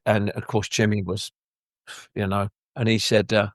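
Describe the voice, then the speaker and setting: A man's voice: lowish voice, a little slow, no room sound, clean studio sound. An older man, a former footballer, telling long rambling stories in an interview and acting out other people's lines. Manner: rambling, animated, acts out quoted voices. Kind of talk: anecdotal interview storytelling.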